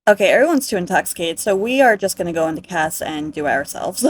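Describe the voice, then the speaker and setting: Excitable woman narrating gameplay. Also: on the low side, quick pace, slight background noise, poor audio. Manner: excitable, gushing, giggly. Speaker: gaming creator. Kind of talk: casual game commentary.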